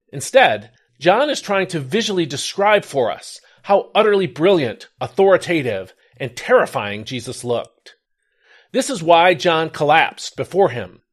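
A man hosting a daily Bible devotional, reading a scripted reflection with earnest emphasis on key words. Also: a little high. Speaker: devotional host.

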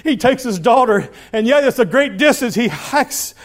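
High-voiced man preaching a dramatic sermon. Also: expressive, moderate pace. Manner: dramatic storytelling preacher, swings from hushed to loud. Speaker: pastor.

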